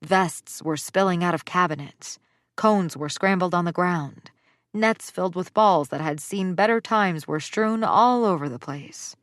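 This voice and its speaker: A woman narrates an audiobook in the first person, giving the lines expression. Her voice sits on the low side. The sound is dry and close, with no room around it. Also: unhurried, a bit bright, no room sound.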